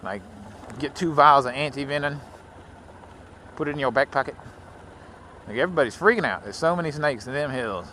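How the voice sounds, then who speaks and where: A man's voice: mid-range voice, lively intonation, brisk, long pauses, pushed and bright, slight background noise. Chatty southern man vlogging from a motorbike. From Louisiana. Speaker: motovlogger. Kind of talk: casual vlog monologue while riding. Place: outdoors riding a motorcycle.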